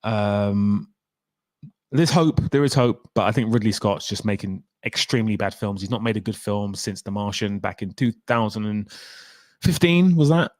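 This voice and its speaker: A man's voice: lowish voice, animated, moderate pace, darkish tone, dry recording, studio quality. A young man hosting a casual livestream, chatty and opinionated as he answers viewer questions. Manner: opinionated, chatty, reads out chat comments. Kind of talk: casual live stream chat.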